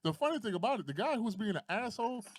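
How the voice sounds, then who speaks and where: A man's voice: high voice, racing. A man co-hosting a podcast, in casual chat, telling stories with lots of swearing and acting out the voices of the people he quotes. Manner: animated, profane storytelling that acts out quoted voices. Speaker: podcast co-host.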